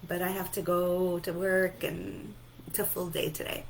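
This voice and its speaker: A sleepy woman giving a gentle self-help talk, softly repeating reassuring affirmations. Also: fairly low pitch, level tone, measured pace, gravelly, slight background noise, poor audio. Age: adult, a mother. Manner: soft, repetitive, reassuring affirmations. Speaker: self-help and EFT speaker.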